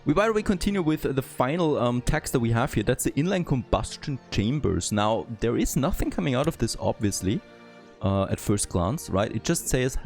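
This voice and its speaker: A man who is not a native English speaker, thinking aloud and getting excited as he comments on a city-building game. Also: medium pitch, moderate pace, faint music behind. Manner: thinking aloud, easily excited, frequent "there you go". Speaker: gameplay commentator. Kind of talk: let's play commentary.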